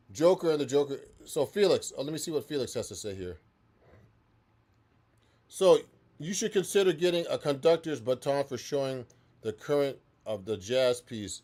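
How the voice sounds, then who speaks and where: His voice sits a little high and sounds a little mellow. He's a guitar teacher and pro musician chatting loosely through a live-streamed practice, responding to viewers and restarting often.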